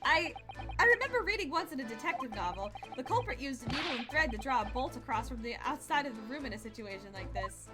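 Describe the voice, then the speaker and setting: A woman's voice: high voice, big pitch swings, fast, over music. A woman voicing an anxious, earnest young male lawyer in a nervous, earnest way.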